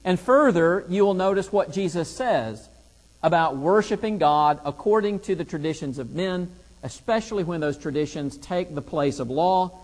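A man's voice: high voice, lively intonation, normal speed, in a large hall. A man teaching a Bible lesson, reading scripture aloud and driving points home with rhetorical questions.

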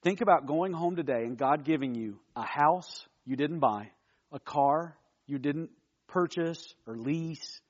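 A man with a high voice leads a youth sermon in a casual, animated way. He keeps throwing rhetorical questions at his young listeners. The recording sounds dull and lo-fi. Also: measured pace. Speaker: youth pastor.

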